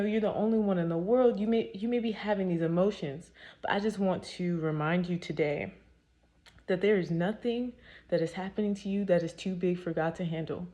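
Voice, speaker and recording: A woman's voice: mid-range voice, a little mellow. A woman giving an earnest, emphatic devotional talk, with many filler words. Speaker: faith content creator.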